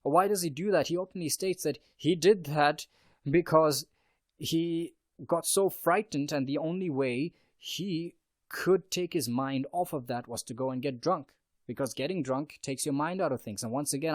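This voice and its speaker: A man's voice: a little high, normal speed, no echo, clean studio sound. A man hosting a podcast, discussing a novel in an earnest, discursive way with frequent restarts. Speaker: podcast host. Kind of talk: book review discussion.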